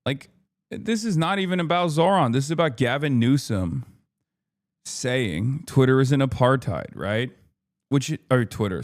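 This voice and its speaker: A man's voice: mid-range voice, lively intonation, moderate pace. A man ranting in livestream commentary, exasperated and profane, repeating himself for emphasis. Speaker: streamer reacting to news.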